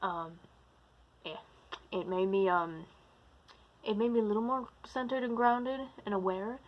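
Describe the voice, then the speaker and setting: A woman's voice: medium pitch, measured pace, highs cut off. A woman vlogging to her camera, slipping into a put-on British-like accent, rambling, losing her train of thought and restarting. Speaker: vlogger, practicing witch and druid. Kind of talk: casual talking-to-camera vlog. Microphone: camera recording herself.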